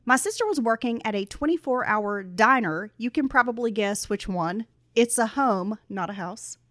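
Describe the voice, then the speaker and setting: A woman's voice: on the high side, animated, moderate pace, a bit bright, no echo, clean studio sound. A woman co-hosting a podcast, reading listener stories aloud and chatting in a teasing, laughing way. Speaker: podcast co-host.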